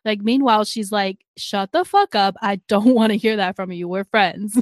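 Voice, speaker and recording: A woman co-hosts a casual podcast chat, recapping a drama in a medium-pitched voice at normal speed. She's chatty, laughs often and acts out the characters' lines. The recording is dry.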